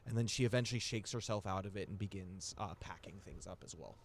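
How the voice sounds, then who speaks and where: Low-voiced man narrating a tabletop game. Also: fast, slight background noise. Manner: hesitant, many fillers and restarts while describing. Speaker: game master.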